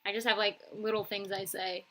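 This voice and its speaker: Young woman w a little new york accent, chatty, lots of ums and laughs, really bright voice. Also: mid-range voice, flat delivery, a little fast, poor audio. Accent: light New York, touch of Boston. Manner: chatty, laughs often, many fillers. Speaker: art streamer. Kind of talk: casual live-stream chat.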